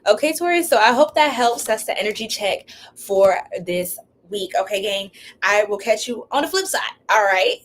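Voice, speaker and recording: A woman's voice: medium pitch, lively intonation, normal speed, fairly bright tone, slight background noise. A woman giving a casual, playful live-streamed tarot reading, using slang and laughing often. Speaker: tarot reader.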